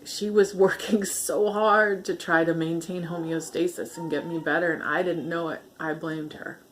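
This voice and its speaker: A woman talking earnestly to her camera in a personal vlog, halting and soft, getting emotional and laughing gently through it. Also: lowish voice, a little hiss or hum. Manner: soft, halting delivery with fillers and repeats. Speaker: vlogger sharing her healing story. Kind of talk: heartfelt personal vlog talk.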